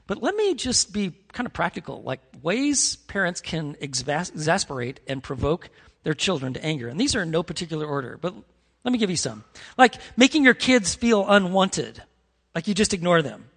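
A man's voice: a little high, sing-song, moderate pace, fairly bright tone, breathy edge, long reverb tail. A man preaching a sermon as pastor, earnest and conversational, with frequent restarts and fillers. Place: church sanctuary.

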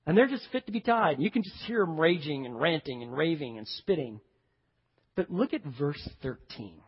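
Male pastor, animated storyteller, slightly husky, long hall reverb. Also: a little high, moderate pace. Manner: animated storytelling, acting out voices. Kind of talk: sermon. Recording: dull echoey hall.

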